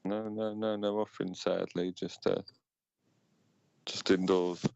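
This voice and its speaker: Relaxed co-host in his thirties, smooth low voice, dull dry mic. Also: no room sound. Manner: laid-back, drawn-out fillers and "mate". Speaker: co-host of a live stream. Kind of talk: casual chat. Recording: dull, dry home recording.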